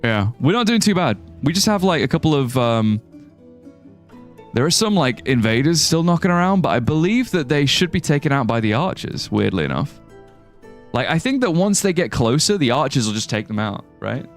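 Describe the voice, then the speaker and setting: A young man talks through his live stream in a loose, rambling way, reading out viewer messages and joking as he goes. His pitch moves around a lot, lifting sharply when something surprises him. Quiet music plays faintly underneath. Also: sing-song, moderate pace. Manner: chatty, rambling, reads chat aloud and jokes. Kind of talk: casual live-stream gameplay commentary.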